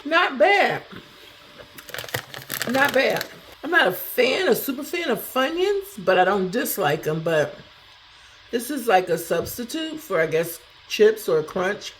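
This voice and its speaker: A woman casually chatting through a snack taste test, thinking out loud as she goes. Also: mid-range voice, a little slow, slight background noise. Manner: talks to herself while tasting, animated, chatty. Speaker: food review vlogger.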